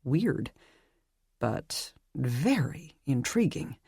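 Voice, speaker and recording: A narrator reading a dark fantasy novel aloud with a measured, even storytelling delivery. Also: medium pitch, creaky, slightly rough, no echo, clean studio sound. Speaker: audiobook narrator. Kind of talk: scripted audiobook narration.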